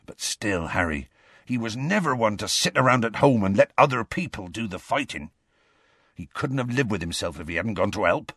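A man voicing a huge, gruff, kindly half-giant gamekeeper who turns soft and hushed in sad moments. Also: fairly low pitch, lively intonation, normal speed, no room sound. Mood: quiet somber.

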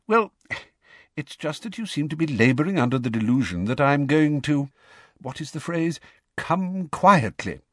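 Dumbledore, as a man puts him on: gentle old wizard. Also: fairly high pitch, very animated, no echo, clean studio sound, voice pushed up. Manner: gentle, pleasant, unhurried. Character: calm, wry, kindly old male wizard.

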